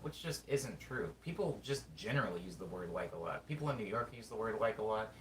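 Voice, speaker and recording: A man from California with a Californian accent, chatting casually as a streamer, thinking aloud and reading chat in a rambling, drawn-out way. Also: on the low side, expressive, a bit bright. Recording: roomy sound, mic at a distance, faint background noise.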